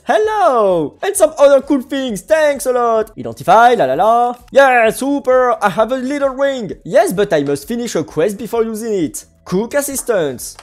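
A bubbly woman chats her way through a game, her voice sitting a little high and swooping up and down with delight. She exclaims and hums little tunes as she goes, with soft music playing faintly underneath. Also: very animated, moderate pace. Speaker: gaming video creator. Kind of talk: playful gameplay commentary.

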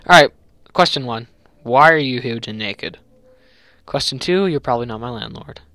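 A young man talks through a horror game in a casual, rambling way at an ordinary middle pitch. When something jumps out, he breaks into loud, panicked yelling. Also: lively intonation, moderate pace, no echo. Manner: chatty, jumpy, loud panicked yelling at scares. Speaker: gameplay commentator. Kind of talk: horror game let's play commentary.

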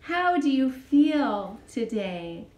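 A woman gives a children's English lesson, speaking very slowly and patiently and repeating every phrase for a child to say back. Her pitch moves up and down in a lively way. The room is echoey, with faint noise behind her. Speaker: teacher of young children.

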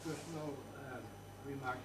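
A man in the audience telling a rambling story before his question, halting and full of fillers. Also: mid-range voice, fairly even intonation, breathy edge. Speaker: audience member asking a question. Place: lecture hall.

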